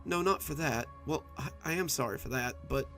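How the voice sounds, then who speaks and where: A man's voice: on the high side, normal speed, fairly bright tone, soft background music. A man voicing a frightened, childlike little monster hiding under a bed, stammering and blustering in a storybook reading.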